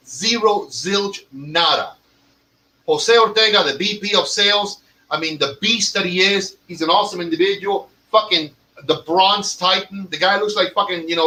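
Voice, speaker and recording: A man's voice: high voice, bright, forceful tone, low-quality recording. A man who owns a cigar lounge, telling stories in a profane, emphatic podcast rant. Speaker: cigar lounge owner and tobacconist.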